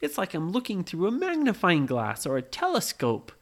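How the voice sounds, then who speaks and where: A young girl from a bedtime adventure, full of curiosity and wonder, as a woman tells it. The voice is low and close to the storyteller's own. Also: wildly swooping pitch, moderate pace. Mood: amazed. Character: friendly young girl explorer.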